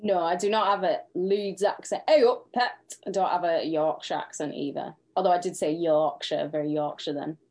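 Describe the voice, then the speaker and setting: A woman's voice: low-pitched, fairly even intonation, a little fast, few pauses, darkish tone. Blunt Cumbrian woman, casual podcast chat. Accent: Cumbrian (Penrith). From northern England, Penrith. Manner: blunt and profane, laughs easily. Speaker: podcast co-host.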